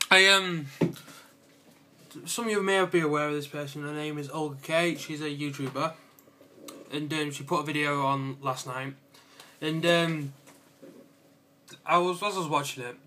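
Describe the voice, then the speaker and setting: A young man chatting in a casual, excitable vlog, with lots of fillers, giggles and playful asides. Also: a little high, a little hiss or hum. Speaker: vlogger. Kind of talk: casual rambling vlog chat.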